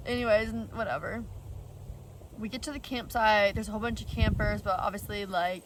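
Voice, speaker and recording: A woman's voice: mid-range voice, fairly even intonation, brisk, distant mic, slight background noise, poor audio. A young woman vlogger telling a personal story in a rambling, blunt way, full of fillers and the odd swear. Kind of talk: casual storytelling.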